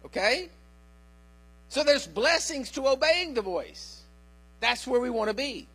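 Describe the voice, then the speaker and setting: A man's voice: very high-pitched, big pitch swings, unhurried, pushed and bright, breathy edge. An older man, a pastor, preaching a sermon in a folksy storytelling way and calling out to his listeners.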